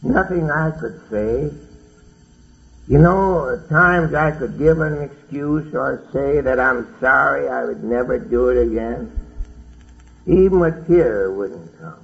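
Middle-aged man, gravelly, folksy testimony talk, muffled old lo-fi tape. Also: mid-range voice. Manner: plainspoken, folksy storytelling with dialect grammar. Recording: dull lo-fi recording with faint hiss.

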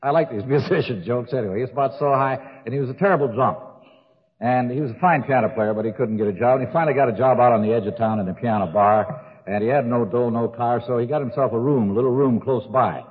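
An older man gives a recovery talk, folksily telling jokes and the story of his drinking while laughing at his own tales. His mid-range voice is fast with a breathy edge, heard on a tinny old recording with long hall reverb.

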